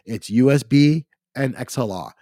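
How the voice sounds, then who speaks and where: A man hosting a podcast, talking casually about equipment while congested and clearing his throat, often calling his listeners "ladies and gentlemen". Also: medium pitch, moderate pace, dry recording, clean studio sound. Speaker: podcast host. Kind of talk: casual gear talk.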